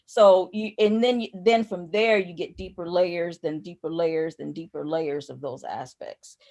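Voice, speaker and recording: A woman's voice: on the low side, steady tone, a little slow, darkish tone. A woman teaching spiritual ideas in conversation, rambling and repeating phrases as she loses her thread.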